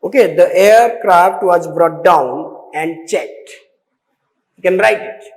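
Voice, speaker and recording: A man with a high voice teaches an exam-prep English lesson, going slowly and repeating phrases between fillers. He spells out words letter by letter. The sound is roomy, with a long reverb trailing each phrase. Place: classroom. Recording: echoey room with long reverb.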